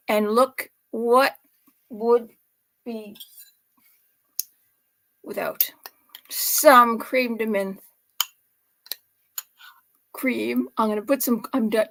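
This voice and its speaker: A woman's voice: on the high side, a bit bright. A woman hosting a casual cooking vlog from her home set, chatty and full of laughs and exclamations. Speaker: host making drinks at home.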